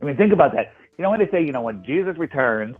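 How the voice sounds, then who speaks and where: Guy on a tinny call line telling a story, keeps repeating himself, animated. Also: a little high, fast talker, soft background music. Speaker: guest. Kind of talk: casual chat.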